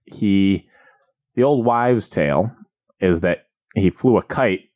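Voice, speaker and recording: A man with a very low voice hosts a casual podcast. He rambles and jokes in a dry way. The recording is close and dry, with no room sound. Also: takes it slowly, darkish tone, dry recording. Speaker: podcast co-host. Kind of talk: casual comedic chat.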